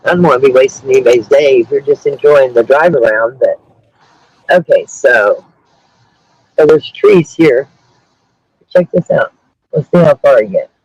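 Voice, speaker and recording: A woman's voice: rumbling low, normal speed, pauses often, darkish tone, husky, dry recording, poor audio. A woman calling in by phone from her car on a livestream, telling blunt, crude, joking stories in casual chat. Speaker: guest caller on a livestream. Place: in a car, driving around.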